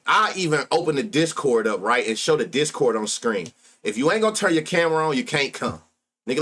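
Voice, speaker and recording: A man's voice: mid-range voice, a bit bright. Betting-stream host, man in his thirties, African American Vernacular English accent, loose and crude, laughs easily. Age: 30s. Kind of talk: casual profane live-stream banter.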